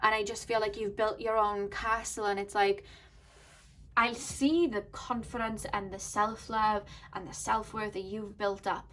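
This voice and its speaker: A woman's voice: medium pitch, flat delivery, unhurried, a bit bright. A woman giving an intuitive tarot reading to her viewers, speaking earnestly and thinking aloud as she goes. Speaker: tarot card reader.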